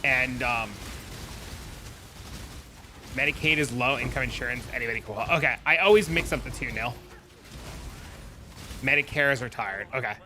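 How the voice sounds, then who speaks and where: A man's voice: mid-range voice, moderate pace, pauses often, bright, forceful tone, soft background music. A man streaming live, chatting loosely with viewers and rambling through an anecdote. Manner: rambling storyteller, chats with viewers. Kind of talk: casual live-stream chat.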